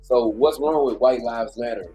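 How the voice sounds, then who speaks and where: A man co-hosting a podcast, speaking in a measured, thoughtful way with hesitant pauses. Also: medium pitch, dark tone, soft background music. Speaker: podcast co-host. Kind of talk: casual chat.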